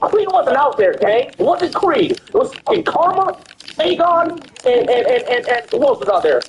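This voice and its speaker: A young man telling a wild personal story in casual chat, excitable, swearing and stammering through repeated words. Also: very high-pitched, normal speed, a little hiss or hum, low-quality recording.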